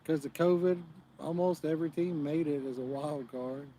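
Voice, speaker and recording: A man's voice: a little high, normal speed, warm tone, slight background noise. A man hosting a live fishing stream outdoors, chatting and joking in a rambling, casual way. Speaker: fishing channel host.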